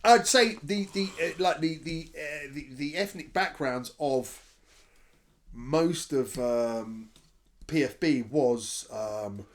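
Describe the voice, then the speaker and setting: A man talks as a guest on a casual podcast, his voice sitting fairly high for a man. He swears freely and stammers through restarts while pressing his point hard. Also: slow. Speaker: podcast guest, graffiti writer. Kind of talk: casual chat.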